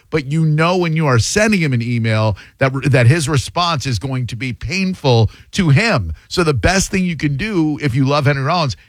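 A man's voice: medium pitch, no room sound. Conversational man in a dry studio. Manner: conversational, quotes others. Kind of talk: casual chat.

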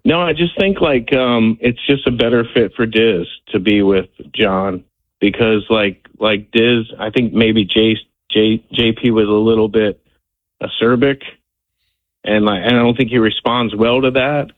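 A man calling in to a radio show on speakerphone, apologetic and halting. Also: lowish voice, no echo. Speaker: caller. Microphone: phone on speakerphone. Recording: tinny speakerphone line.

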